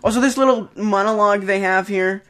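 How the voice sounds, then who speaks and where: High-voiced man rambling cheerfully. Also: brisk, a bit bright. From Denmark. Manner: rambling and enthusiastic, with many fillers and restarts. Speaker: YouTuber commenting on his own videos. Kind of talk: casual video commentary.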